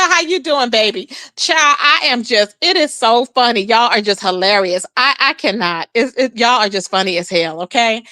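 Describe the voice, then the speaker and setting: A woman's voice: fairly high pitch, pushed and bright, no echo. A woman hosting a casual gossip livestream, chatting with her viewers and calling them "child" and "baby.". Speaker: livestream host.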